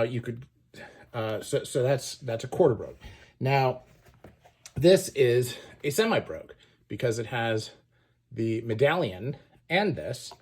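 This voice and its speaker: A man hosting his own channel, giving a relaxed show-and-tell explanation with lots of fillers as he points things out. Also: mid-range voice, breathy edge. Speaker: shoe channel host.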